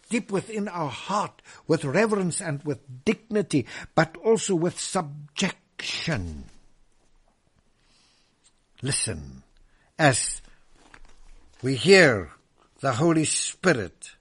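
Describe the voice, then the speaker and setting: A man delivers a sermon in a husky voice, taking his time over each phrase. His pitch swings widely as he moves from ringing declarations to near-whispers. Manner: slow, emphatic, swings from loud proclaiming to hushed whispers. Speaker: preacher.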